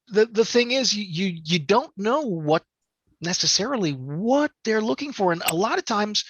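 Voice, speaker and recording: A professional voice actor explaining auditions in an animated, halting way. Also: medium pitch, gravelly, breathy edge, no room sound. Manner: animated, halting, with many restarts. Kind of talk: casual interview recollection.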